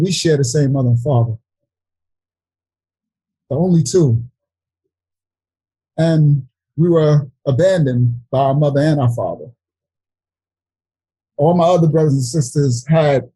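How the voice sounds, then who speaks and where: A middle-aged man from New York City sharing an emotional personal testimony at a Bible study, earnest and halting, near tears. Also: medium pitch, mellow, breathy edge, dry recording, rough recording. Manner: earnest, halting, with frequent restarts.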